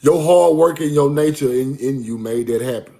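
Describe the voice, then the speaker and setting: A man's voice: medium pitch, normal speed, gravelly, dark tone. A man giving a casual, emphatic street-style lecture, repeating his points and calling the listener bro. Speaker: speaker giving a talk.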